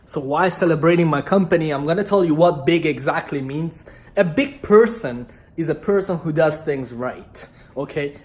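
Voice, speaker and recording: A woman's voice: mid-range voice, a little mellow. Rambling joking woman vlogger. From Iran. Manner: rambling, joking, repeats "okay?" and "man". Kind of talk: casual motivational monologue to camera.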